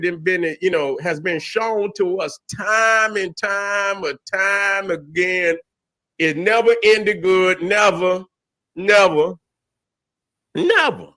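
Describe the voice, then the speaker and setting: A man's voice: high voice, pushed and bright. A middle-aged man giving a profane, repetitive, preachy commentary rant as host. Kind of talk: ranting commentary.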